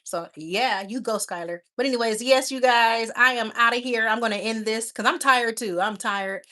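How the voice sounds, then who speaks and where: A woman's voice: fairly high pitch, moderate pace, bright, forceful tone. A woman hosting a casual livestream, chatting affectionately with viewers and laughing often. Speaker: livestream host.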